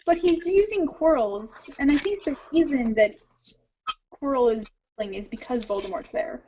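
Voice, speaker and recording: A woman co-hosting a casual book-club podcast, thinking out loud animatedly with lots of restarts. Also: high-pitched, animated, moderate pace, highs cut off, background noise. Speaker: podcast co-host.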